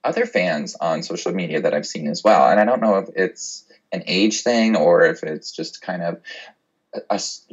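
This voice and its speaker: A man co-hosting a podcast, giving laid-back, measured commentary in casual chat. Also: deep voice, husky. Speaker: podcast co-host. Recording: slightly dull lo-fi sound.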